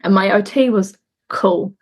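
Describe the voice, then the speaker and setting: Young woman guest, earnest and reflective, measured conversational delivery. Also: medium pitch. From New Zealand. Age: young adult. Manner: reflective, earnest, pauses and restarts while recounting. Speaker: interview guest. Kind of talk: candid conversational interview.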